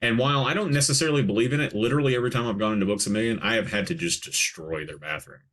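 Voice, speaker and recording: A man hosting a podcast, chatting casually about a movie with quick jokes and frequent laughter. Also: on the low side. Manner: animated, laughing, jokey asides. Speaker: podcast host. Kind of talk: casual movie commentary chat.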